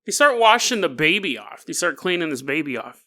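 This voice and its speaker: A man's voice: on the high side, sing-song, fairly quick, bright, forceful tone. A man hosting a podcast, retelling a news story as a comedy bit with jokes, tangents and laughs mid-sentence. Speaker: podcast host.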